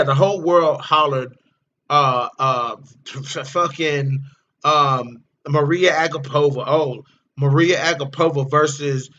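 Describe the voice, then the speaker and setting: A man's voice: fairly high pitch, pushed and bright, lo-fi sound, a little hiss or hum. A man hosting a casual livestream about fighting, blunt and profane, often repeating his words as he talks. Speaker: livestream host.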